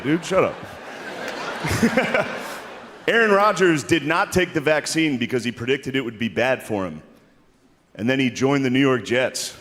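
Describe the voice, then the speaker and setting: A man performing stand-up comedy in a live show, with a crude, deadpan delivery, often laughing at his own jokes. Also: mid-range voice, background noise. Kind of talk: stand-up set before a live audience. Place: large hall with a live audience. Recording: stage mic in a reverberant hall with loud crowd laughter.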